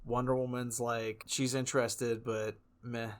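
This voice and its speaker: A man in casual podcast chat, animated and quick to laugh, talking at an ordinary middle pitch. His delivery is loose and conversational, trailing off into chuckles as he goes. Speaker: podcast co-host.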